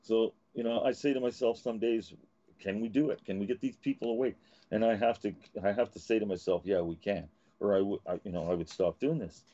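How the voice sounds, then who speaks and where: A man's voice: lowish voice, fairly quick, mellow, highs cut off. A man hosting a live talk show from Canada, ranting and swearing as he gets angry. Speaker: host.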